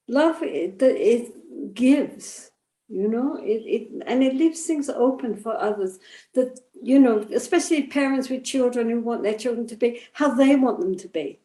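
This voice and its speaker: An older woman, a Buddhist teacher, answering questions in a gentle, thoughtful way, often pausing with "you know". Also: a little high, echoey room. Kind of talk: reflective spiritual teaching.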